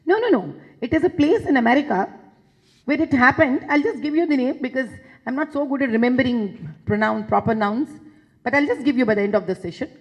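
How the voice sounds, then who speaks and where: A woman's voice: high voice, expressive, a little fast, breathy edge, lo-fi sound. A woman with an Indian English accent giving an impassioned public talk, emphatic and repeating phrases for force. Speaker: public speaker addressing a session.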